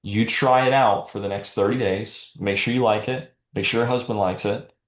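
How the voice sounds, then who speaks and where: A man's voice: fairly low pitch, fairly even intonation, moderate pace, reverberant. A man giving a live sales training talk in a direct, coaching manner.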